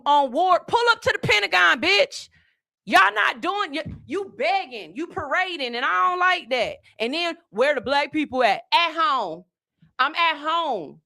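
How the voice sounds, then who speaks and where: A woman's voice: high-pitched, bright, forceful tone. A woman hosting a podcast, delivering blunt, profane, emphatic commentary in a casual style. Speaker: podcast host.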